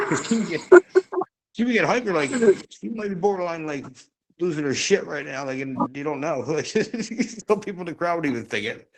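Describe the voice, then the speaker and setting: A man's voice: fairly high pitch, lively intonation, normal speed, rough recording. A man in an interview, telling stories in a rambling, laughing way full of fillers. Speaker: interview guest, wrestler. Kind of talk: casual storytelling chat.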